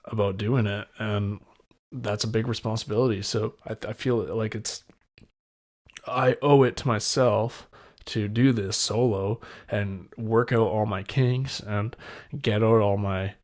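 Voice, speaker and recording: A man's voice: lowish voice, steady tone, measured pace, a little mellow. A man in his twenties hosting a solo podcast, rambling candidly and poking fun at himself, with wet mouth sounds when he talks. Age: 20s. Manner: rambling, self-deprecating, candid. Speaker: podcast host. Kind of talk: solo casual podcast chat.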